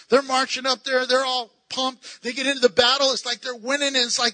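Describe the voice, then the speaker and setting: A man teaching a Bible passage in a lively, excitable way, laughing often and acting out the voices he quotes. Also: very high-pitched, brisk, hardly any pauses, no echo. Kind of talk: animated Bible study teaching.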